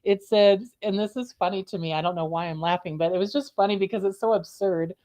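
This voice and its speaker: A middle-aged woman on a coding and compliance panel, telling stories in an animated way and laughing often. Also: mid-range voice, a little fast, few pauses. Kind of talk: casual panel discussion.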